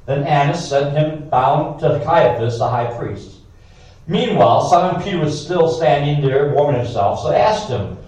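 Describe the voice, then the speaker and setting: A man reading scripture aloud with brief comments of his own, steady but with occasional stumbles and asides. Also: a little high, normal speed. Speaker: scripture reader. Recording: echoey room, distant mic.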